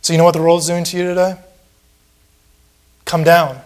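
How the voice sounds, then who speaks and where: A man's voice: high-pitched, monotone, rapid-fire, darkish tone, clear, resonant tone. A man preaching a sermon in a church, impassioned and repetitive, acting out the mocking voices of a crowd.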